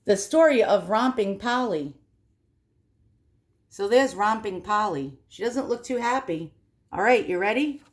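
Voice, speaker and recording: Woman host reading old rhymes aloud, amused, quick to laugh and react to the pictures. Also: mid-range voice, expressive. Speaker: video host. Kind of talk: reading a storybook aloud with commentary.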